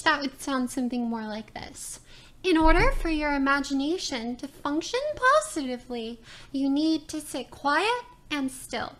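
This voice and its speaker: Woman voice coach, high pitch, slow deliberate lecture delivery, explanatory. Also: a bit bright. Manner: methodical, explanatory, checks in with "all right" and "right?". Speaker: voice teacher. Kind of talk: recorded lecture presentation.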